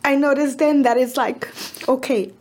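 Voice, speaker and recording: A woman's voice: high voice, moderate pace. A woman in her thirties, a podcast co-host, telling a family story in casual chat, acting out what people said and dropping in Spanish words. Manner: animated retelling with acted-out quotes.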